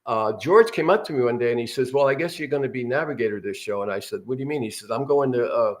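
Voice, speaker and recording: A man's voice: mid-range voice, fast. An older man, a guest actor, telling rambling anecdotes in a casual interview.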